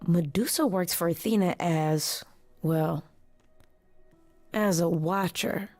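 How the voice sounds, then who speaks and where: An actress voicing a grieving, devoted goddess who speaks softly and in a measured way. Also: female voice, fairly low pitch. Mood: sorrowful. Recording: game audio with faint music beneath.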